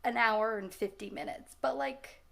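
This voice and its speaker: A woman's voice: on the high side, moderate pace, gravelly, fairly bright tone. A woman in her twenties chatting casually about movies she just watched, rambling, laughing often and restarting her sentences. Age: 20s. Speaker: vlogger reacting to films.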